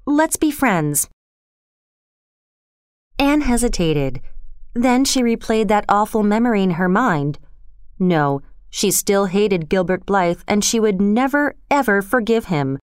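A woman narrating a storybook in a calm, measured reading voice. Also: medium pitch, clear, resonant tone, dry recording, studio quality.

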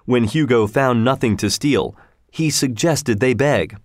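A man narrating a storybook aloud in a measured, expressive way. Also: mid-range voice, dry recording, clean studio sound.

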